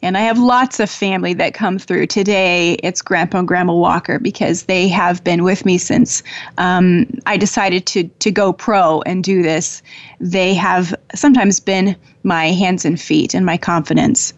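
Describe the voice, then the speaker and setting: A woman's voice: fairly low pitch, fairly even intonation, no room sound, lo-fi sound. Affectionate spiritual talk host, a woman. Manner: warm, affectionate, laughs often, pauses with fillers. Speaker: host, angel communicator. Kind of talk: spiritual talk show monologue.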